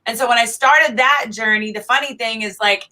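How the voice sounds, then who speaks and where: A woman's voice: a little high, brisk, bright, forceful tone, poor audio. A middle-aged woman, chatting animatedly as a guest and laughing often. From Oklahoma. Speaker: guest singer-songwriter. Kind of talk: casual interview chat.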